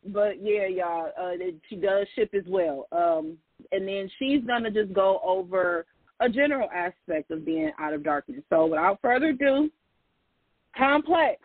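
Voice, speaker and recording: A man's voice: high voice, slightly rough, no room sound. A man hosting a podcast, chatting casually and giving advice straight to his listeners. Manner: chatty, gives hair tips, often addresses listeners as "y'all". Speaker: podcast host. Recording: tinny phone-like line.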